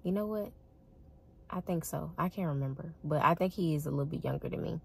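Chatty young woman vlogging, lower voice. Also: fairly quick, vocal fry, a little mellow, slightly rough. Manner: chatty, laughs often, addresses viewers as y'all. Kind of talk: casual storytelling to camera.

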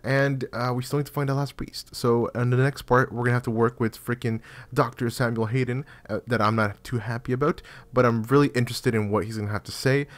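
A man commenting casually on his game as he plays, excitable and chatty, cursing and addressing his viewers often. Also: medium pitch, a little fast. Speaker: gaming channel host.

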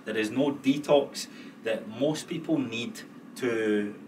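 A man's voice: mid-range voice, slow. A Scottish man co-hosting a podcast in casual chat. He swears freely and laughs as he talks. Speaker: podcast co-host. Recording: distant mic with clear background noise.

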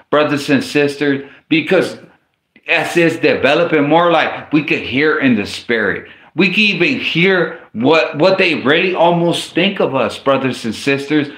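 A man's voice: a little high, a bit bright. A man preaching an informal sermon and reading scripture aloud, speaking in a casual, slangy way with frequent stumbles and restarts. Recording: echoey room.

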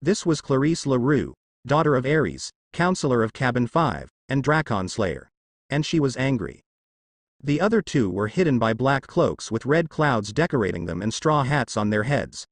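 A man reading a fan fiction story aloud, moving briskly through the narration and lifting his voice a little for the quoted lines. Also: medium pitch, big pitch swings, no echo, studio quality.

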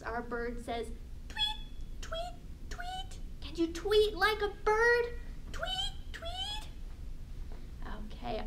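A woman librarian leading a storytime for young children, talking in an animated, exaggerated sing-song way. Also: high voice, background noise.

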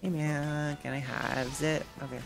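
Sarcastic streamer with vocal fry. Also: mid-range voice, level tone, unhurried, music in the background. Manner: chatty, sarcastic, reacting to gameplay and chat. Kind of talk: casual gaming stream chatter.

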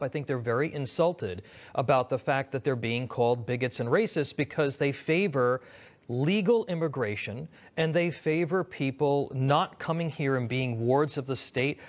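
A male host puts long, winding questions to his guest, restarting his sentences as he goes. His voice sits at an ordinary pitch, and he speaks in a steady news-interview style.

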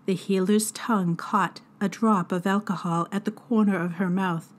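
A woman teacher reading a chapter book aloud to students in a deliberate, expressive narration. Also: mid-range voice. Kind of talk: storybook read-aloud narration.

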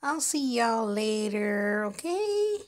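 Voicing a showy young female doll on her way to a club, a woman narrates doll play in a playful, boastful, chatty manner. Her voice sits on the high side, with big pitch swings and a slow pace.

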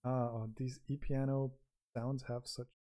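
A man chatting casually on a live stream as he makes music, thinking aloud in an unhurried way, through a microphone with noise reduction and compression. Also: medium pitch, flat delivery, mellow. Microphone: new microphone with noise reduction and compression.

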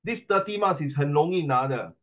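A middle-aged man with a Singaporean accent teaching an animated exam-prep class, mixing English and Mandarin and teasing his students. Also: fairly high pitch, a little fast. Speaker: tutor. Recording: tinny phone-like audio.

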